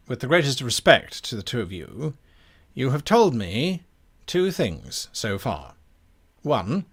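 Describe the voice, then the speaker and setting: A man's voice: on the high side, vocal fry, a bit bright, heavily acted. A man voicing a dutiful male guard captain who speaks in formal, unbending sentences.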